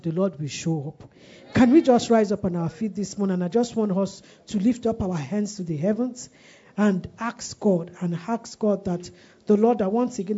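A woman preaches a sermon in a husky, mellow voice and repeats phrases to drive them home. She calls on the congregation to say lines back to her. The recording is dull and lo-fi. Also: medium pitch. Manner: call-and-response, repeats phrases for emphasis.

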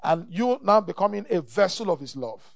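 A middle-aged man with a Nigerian accent preaches a sermon, pressing his points by repeating them and calling out for amen. His voice sits high and carries a gravelly edge. The sound is close and dry, with no room around it. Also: lively intonation, a little fast, dry recording. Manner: emphatic, repeats phrases, calls for amen. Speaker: pastor.

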